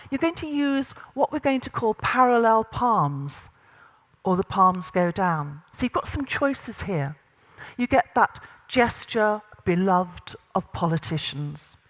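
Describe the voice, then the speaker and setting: A middle-aged woman leading an interactive workshop, giving directions and demonstrating exercises to a group in a large room. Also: a little high. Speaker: voice and presence coach. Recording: long reverb of a large hall.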